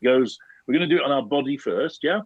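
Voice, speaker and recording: A British man teaching a drum rhythm over a video call, calmly chanting its syllables step by step. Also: mid-range voice, fast, slightly rough, no echo, dull audio. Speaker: drumming teacher.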